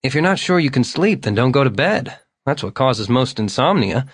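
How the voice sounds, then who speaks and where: Guy reading as an eager chatty young dude, higher and pushy, dry sound. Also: big pitch swings, normal speed, slightly rough, no echo. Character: eager chatty young man, upbeat and earnest.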